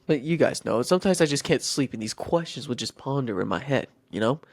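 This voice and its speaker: A man's voice: mid-range voice, lively intonation, a little fast, no echo. A man hosting a podcast, retelling a Bible story casually with rambling, goofy asides and self-interruptions. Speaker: podcast host.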